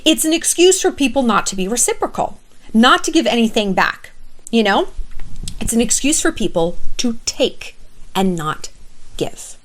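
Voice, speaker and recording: A woman's voice: a little high, sing-song, normal speed. A woman vlogger giving blunt, emphatic friendship advice to camera in a casual monologue, swearing freely.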